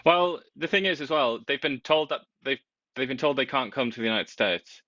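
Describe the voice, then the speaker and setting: A man co-hosting a casual political chat, talking in an animated, wry way with big swings in pitch. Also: moderate pace, highs cut off.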